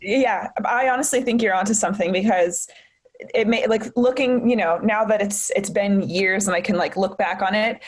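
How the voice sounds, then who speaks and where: A woman's voice: medium pitch, moderate pace. A young woman, a comedian guesting on a podcast, telling a personal story in a chatty way, full of fillers like "like". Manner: chatty, filler-heavy with frequent "like".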